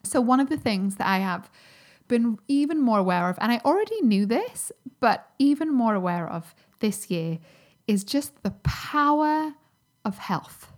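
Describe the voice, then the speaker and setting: A woman's voice: fairly high pitch, sing-song, a little slow. A woman, hosting a solo podcast as a health coach, talking in a chatty, upbeat way with many fillers. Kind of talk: casual solo podcast talk.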